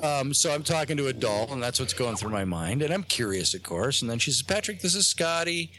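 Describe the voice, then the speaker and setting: A man, a guest on a talk show, telling a rambling personal story with many pauses and restarts, acting out the lines of the people in it. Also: mid-range voice, expressive, fairly bright tone, a little hiss or hum. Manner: halting, many fillers and restarts, acts out quotes.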